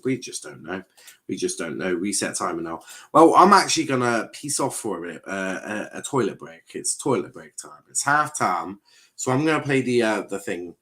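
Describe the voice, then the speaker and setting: In a low, pushed, bright voice, a young man streams a football watchalong and chats casually. He reads viewer comments aloud, rambles, repeats himself, and uses many fillers.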